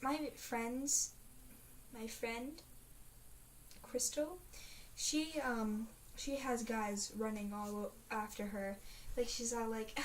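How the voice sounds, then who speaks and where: A woman's voice: on the high side, fairly even intonation, slow. A teenage girl chatting in a casual video diary, rambling and dramatic, full of fillers. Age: teens. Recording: faint hiss, mic a bit distant.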